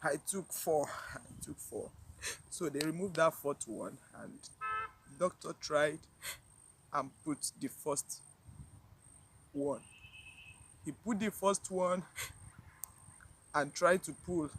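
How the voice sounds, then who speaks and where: A woman tells a personal story to her viewers, emotional and near tears, halting and repeating herself with sighs. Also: sits low, slight background noise, rough recording. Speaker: vlogger.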